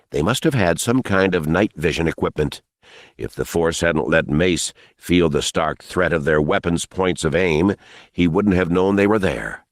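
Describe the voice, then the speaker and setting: A man reading an audiobook in an expressive, dramatic narration style. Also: deep voice, no room sound, clean studio sound. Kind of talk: scripted narration.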